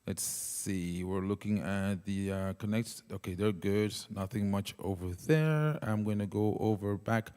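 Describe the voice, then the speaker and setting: A man's voice: fairly low pitch, unhurried, few pauses, darkish tone, clear, resonant tone, long reverb tail. A man casually talking livestream viewers through a keyboard demo on a wireless handheld mic, checking comments as he goes. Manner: casual, talks viewers through each step. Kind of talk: live product demo with singing. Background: keyboard music.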